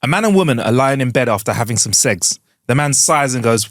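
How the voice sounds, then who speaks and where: A man's voice: medium pitch, animated, a little fast, no room sound, studio quality. A man co-hosting a podcast, telling jokes in a playful, giggly way during a casual chat. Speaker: podcast co-host.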